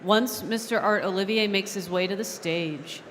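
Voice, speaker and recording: A woman chairing a large convention from the podium, keeping a noisy crowd in order with a firm, brisk manner. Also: medium pitch, a bit bright. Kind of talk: running a convention floor. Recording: long hall reverb.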